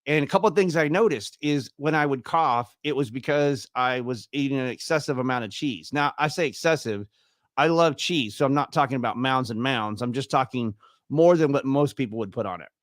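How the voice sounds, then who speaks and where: A man's voice: mid-range voice, brisk, no echo, clean studio sound. Chatty man in his fifties. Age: 50s. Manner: chatty, acts out quoted dialogue. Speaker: interview guest. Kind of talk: casual personal storytelling.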